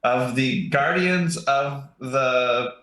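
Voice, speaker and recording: A man's voice: medium pitch, extremely slow, sharp tone. A man voicing a laid-back male adventurer in a put-on folksy accent, offering monster parts for sale. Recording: very echoey, distant mic.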